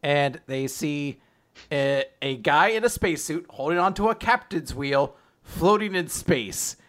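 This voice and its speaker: Brief: chatty male host, slightly high voice, lively pitch, laughs often. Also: a little slow. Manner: animated, laughing, rambling recap. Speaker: podcast host recapping an anime. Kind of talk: casual chat.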